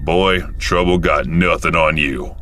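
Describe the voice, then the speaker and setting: Male narrator doing a dry, teasing old man with a deep voice. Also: fairly even intonation, a little slow, bright, forceful tone, a little hiss or hum, full character voice. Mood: wry. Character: wry old man diner regular.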